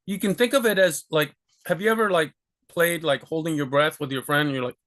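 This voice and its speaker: A man's voice: a little high, fairly quick, fairly bright tone. A man giving a casual pronunciation lesson, chatty and full of fillers, repeating words over and over to demonstrate. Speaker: language teacher.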